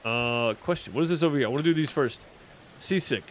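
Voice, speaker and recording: A man's voice: mid-range voice, fast, a little hiss or hum. A man hosting a let's play, reading game text aloud and commenting, self-deprecating and stumbling over words. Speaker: gaming channel host.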